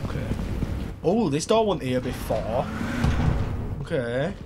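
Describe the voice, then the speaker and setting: A man's voice: medium pitch, very animated, slow pace, very noisy. A young man streaming a game, chatting casually, repeating himself and laughing at his own jokes. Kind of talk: casual live-stream chat while gaming.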